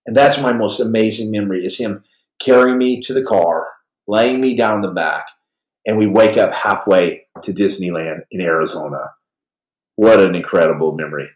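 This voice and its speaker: A man's voice: fairly low pitch, moderate pace. Rambling jokey man in an echoey room. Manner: rambling, jokey, swings between loud bursts and soft mumbles. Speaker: podcast host. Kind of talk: livestream storytelling and reading chat questions.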